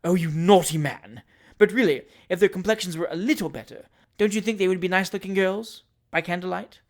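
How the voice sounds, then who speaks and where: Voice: medium pitch, fast talker, pitched above the performer's own voice, lightly acted. A reader voicing a coy middle-aged spinster aunt who gossips in arch, flirtatious whispers, in an audiobook of a classic novel.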